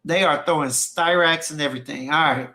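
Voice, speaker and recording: Through a streaming mic, a man with a somewhat high, sharp voice hosts a laid-back fragrance livestream at a slightly fast pace. He reads viewer comments aloud in slangy fashion and repeats his phrases.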